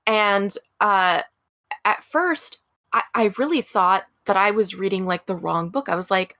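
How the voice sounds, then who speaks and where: A woman's voice: mid-range voice, a little slow, a bit bright, no echo. Chatty woman podcaster, dry sound. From American Midwest. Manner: chatty, many fillers like "like" and "you know". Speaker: podcast co-host. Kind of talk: casual storytelling chat.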